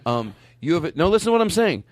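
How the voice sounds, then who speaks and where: A comedy podcast host, a man who talks in animated, swooping tones and laughs often. His voice sits a little high. The sound is dry and close, with no room around it. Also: fast, dry recording. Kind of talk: casual comedic chat.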